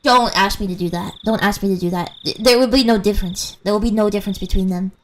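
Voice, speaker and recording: A woman's voice: mid-range voice, fast talker, a little hiss or hum. A young woman with a slight American mountain accent, chatting casually and giggling with viewers during a game stream. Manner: rambling, giggly, animated.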